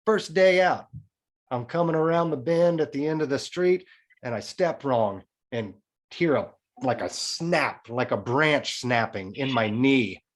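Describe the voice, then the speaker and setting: This podcast guest is a man in his forties with a medium-pitched voice and a measured pace. He swears freely and talks frankly while recounting something from his own life, keeping the casual story lively.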